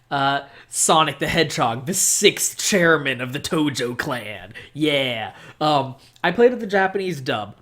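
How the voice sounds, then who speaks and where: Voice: medium pitch, a bit bright. A gaming video host rambling through a casual, unscripted monologue about a game, swearing freely and restarting sentences, with "like" throughout.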